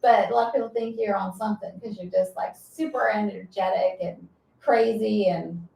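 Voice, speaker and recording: A woman's voice: mid-range voice, fairly even intonation, moderate pace, gravelly, warm tone, roomy sound, recorded from a distance, low-quality recording. A woman co-hosting a fishing show, chatty and teasing, laughing often in a casual conversation. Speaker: co-host. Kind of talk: casual podcast chat.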